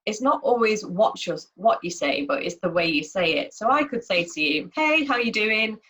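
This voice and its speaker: A woman's voice: lowish voice, lively intonation, moderate pace, fairly bright tone, low-quality recording. A woman giving an informal online lunchtime talk, explaining in a chatty way with many fillers and restarts. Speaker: workshop presenter.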